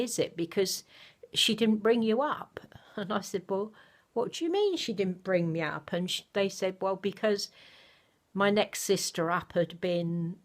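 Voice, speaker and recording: An older woman talks softly to her camera at home. Her voice sits a little low and she rambles warmly from one thought to the next, with plenty of fillers along the way. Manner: chatty, soft-spoken, rambling with many fillers. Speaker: vlogger. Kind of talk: casual chat to camera. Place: home, indoors.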